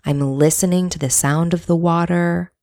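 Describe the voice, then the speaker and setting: A woman's voice: fairly low pitch, fairly even intonation, moderate pace, mellow. A woman candidly telling a personal story in a reflective, casual monologue, swearing now and then.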